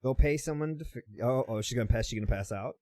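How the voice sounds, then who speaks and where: A man's voice: medium pitch, fast, dark tone, no room sound, clean studio sound. A man hosting a casual reaction video, teasing and chuckling at what he watches.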